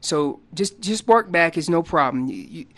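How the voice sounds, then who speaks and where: A man talks loosely and energetically as a radio guest teaching listeners about calling. He bounces between plain explanation and quick acted-out lines, with his pitch jumping around as he goes. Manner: animated, explanatory, acts out what the animals say; loose casual grammar. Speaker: elk calling champion guest. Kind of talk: instructional radio interview.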